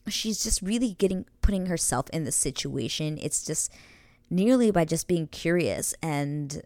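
A woman's voice: deep voice, expressive, measured pace, darkish tone, no room sound. A young woman casually recapping a TV episode, chatty and gushing, sometimes dropping to a whisper. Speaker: show recap host.

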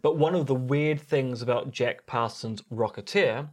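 A man with a New Zealand accent talks through a story as a podcast co-host. His voice sits at a middle pitch, and he delivers it in an easy, explanatory way. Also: a little slow. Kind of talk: casual podcast chat.

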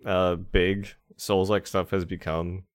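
Deep voiced podcast cohost guy, wry jokey asides, dry mic. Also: little pitch movement, slow pace, no echo. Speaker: podcast co-host. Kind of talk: casual chat.

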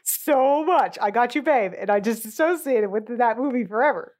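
A woman's voice: fairly high pitch, animated, normal speed, darkish tone. Blunt, sweary woman podcast co-host. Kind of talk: casual movie chat.

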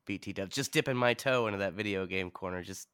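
A man's voice: deep voice, fast, a bit bright, clean tone. A man co-hosting a film podcast, wryly chiming in with short jokes in casual chat. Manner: wry, interjecting with jokes. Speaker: podcast co-host.

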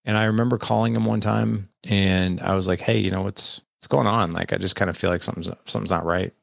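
A deep-voiced man tells a personal story in a candid, conversational way. His voice has a gravelly, fry-heavy texture, and the sound is dry and close. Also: fairly even intonation, fast talker, no echo. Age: 40s. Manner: candid, conversational, quotes people in dialogue. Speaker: guest. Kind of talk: personal storytelling in a podcast interview.

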